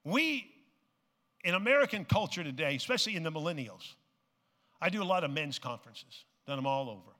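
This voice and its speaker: A man preaching a sermon. He swings from hushed tones to shouting and repeats phrases for emphasis. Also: fairly high pitch, very animated, fairly quick. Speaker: pastor. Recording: long reverb of a large hall.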